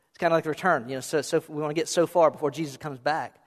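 High-voiced pastor preaching in a hall. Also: male voice, steady tone, fast. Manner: conversational, playful preaching with rhetorical questions. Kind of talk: sermon. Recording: reverberant hall sound.

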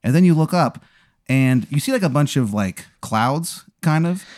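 A man's voice: on the high side, lively intonation, normal speed, darkish tone, dry recording, clean studio sound. A man hosting a comedy podcast, improvising a silly story with fillers and stifled laughs. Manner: rambling with fillers, laughing as he tells it. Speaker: podcast host.

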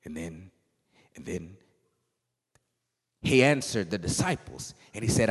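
A man preaching a sermon in a church, swinging from hushed murmurs to shouted, singsong phrases. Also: low voice, animated, measured pace, pauses often, breathy edge. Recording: long hall reverb.

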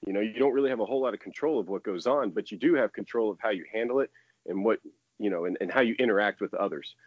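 A chatty man in his thirties with a lowish voice talks in loose, rambling sentences and laughs easily. The sound is dry and close, with no room around it. The audio is a little dull and muffled, like a remote call. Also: fast talker, no room sound. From United States. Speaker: baseball pitcher, guest. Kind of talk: casual interview chat.

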